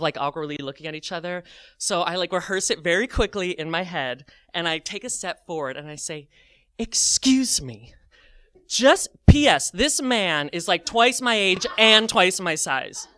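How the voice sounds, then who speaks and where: A man tells a funny personal story with lively energy, dropping constant fillers and playing out his own inner voice. His voice is close and dry. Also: high voice, clear, resonant tone, no room sound. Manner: animated, full of "like", acts out his own thoughts.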